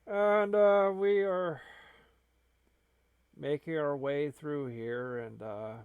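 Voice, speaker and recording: A man's voice: on the high side, very slow, smooth, no room sound, phone-quality sound. A man hosting a gaming video, rambling in casual, self-deprecating gameplay commentary.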